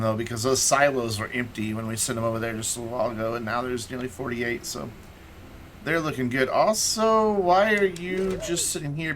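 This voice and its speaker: Slight background noise sits under this man's mid-range, slightly bright voice as he plays a game live. Chatting casually, he thinks aloud, talks to himself and to things in the game, and mumbles and repeats himself.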